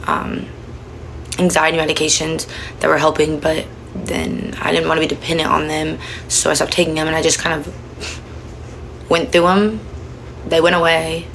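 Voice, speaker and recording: Low, gravelly young woman confiding. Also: a bit bright, a little hiss or hum, low-quality recording. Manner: rambling, emotional, many fillers. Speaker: livestreamer. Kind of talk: confessional casual talk. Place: home. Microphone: phone.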